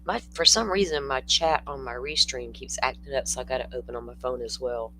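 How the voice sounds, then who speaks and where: An older man hosts a casual true-crime livestream, chatty and blunt as he answers comments from the chat. His voice sits at a middling pitch, with a faint hum under the recording. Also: brisk, bright, forceful tone, low-quality recording.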